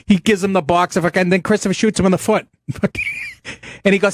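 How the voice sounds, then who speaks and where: A man's voice: high voice, animated, a little fast, dry recording, studio quality. A man hosting a call-in podcast, talking in a rambling, sarcastic way with plenty of swearing. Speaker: podcast host. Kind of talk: casual call-in talk show.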